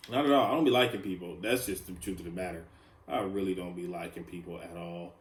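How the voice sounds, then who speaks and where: A man's voice: low voice, fairly even intonation, fast. A man talks through a solo podcast in a loose, rambling, confessional way, leaning on fillers. He sounds like he is in an echoey room. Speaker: podcast host. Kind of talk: casual solo podcast monologue.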